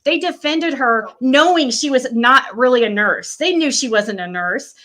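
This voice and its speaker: A woman with a fairly high, bright voice, speaking as a guest on a live stream. She rambles, restarts her sentences and repeats herself as she explains. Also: expressive, measured pace. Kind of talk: casual live-stream chat.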